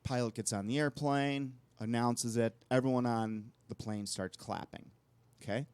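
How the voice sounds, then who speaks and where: A man's voice: medium pitch, moderate pace, clear, resonant tone, dry recording. Rambling male talk show host. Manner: rambling, animated anecdotes. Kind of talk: casual storytelling chat.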